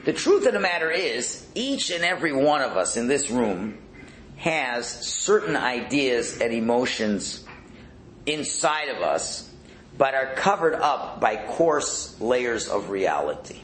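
Animated man giving a Torah class. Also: medium pitch, slow. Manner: animated, conversational, drops to near-whispers. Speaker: rabbi teaching a class. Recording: echoey room with faint background noise.

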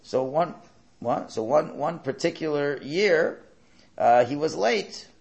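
A man's voice: a little high, lively intonation, slow, gravelly, darkish tone. A man teaching a Torah class, telling stories and asking rhetorical questions that he answers himself. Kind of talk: lecture with storytelling.

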